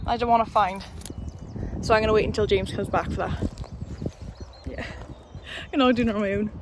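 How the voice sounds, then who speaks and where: A woman's voice: on the high side, background noise. A woman chatting casually and self-deprecatingly in a vlog at her outdoor allotment. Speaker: allotment vlogger. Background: birdsong and outdoor ambience.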